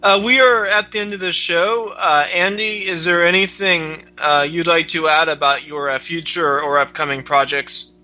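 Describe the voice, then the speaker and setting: A man with a higher, very bright and sharp voice hosts an interview and wraps it up with a few hesitant fillers. The sound is dull and lo-fi. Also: fairly even intonation, normal speed, few pauses. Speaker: host. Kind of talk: podcast interview host.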